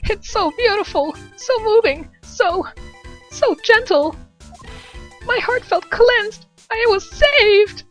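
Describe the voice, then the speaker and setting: A woman voicing an excitable, lovestruck young man in a fan dub of a video game. He talks in a high, squeaky, overexcited way. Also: takes it slowly, soft background music, full character voice, rough recording. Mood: gushing.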